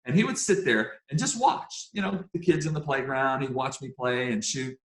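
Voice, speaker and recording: A man from Pennsylvania tells a story in an animated, emphatic way, with plenty of casual fillers. His pitch sits in the middle for a man. The room has a noticeable echo. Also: normal speed. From Pennsylvania, United States. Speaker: guest speaker. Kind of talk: storytelling interview. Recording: echoey room.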